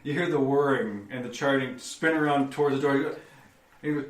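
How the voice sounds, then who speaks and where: A man's voice: medium pitch, a little fast, roomy sound, recorded from a distance. A man narrating as game master, rambling and correcting himself as he describes the scene. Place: theater stage.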